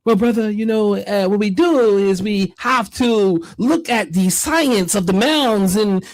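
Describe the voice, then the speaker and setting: A man mimicking a pompous man who lectures slowly and grandly. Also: sits high, dry recording. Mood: lecturing. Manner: slow, drawn-out lecturing.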